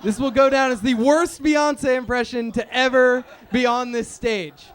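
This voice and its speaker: A man's voice: very high-pitched, steady tone, a little slow, fairly bright tone. A young man doing a rambling, self-deprecating stand-up set at an open mic, full of fillers. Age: young adult. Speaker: stand-up comedian. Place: small open-mic venue stage.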